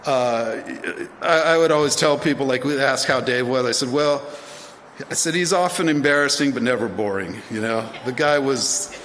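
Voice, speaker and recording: A man's voice: mid-range voice, moderate pace, a bit bright. A man in his fifties from the United States telling stories in a speech, rambling with many fillers and restarts. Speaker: speaker at induction ceremony. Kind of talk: storytelling speech. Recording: long reverb of a large hall, faint ambient noise.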